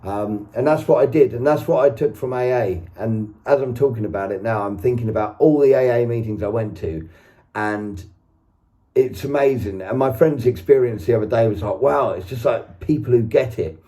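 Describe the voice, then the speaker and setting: A man talks to camera in a loose, rambling way, stopping and restarting as he goes. His voice is dark and mellow and sits in an ordinary middle pitch. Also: moderate pace. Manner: rambling and earnest, with many fillers and restarts. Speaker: recovery vlogger. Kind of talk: casual spoken vlog.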